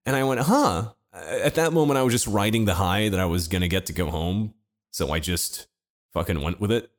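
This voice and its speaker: A man with a very low voice tells a long personal story in a relaxed podcast chat. He keeps it laid-back, swears freely and acts out what other people said. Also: a little fast. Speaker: podcast co-host telling a story.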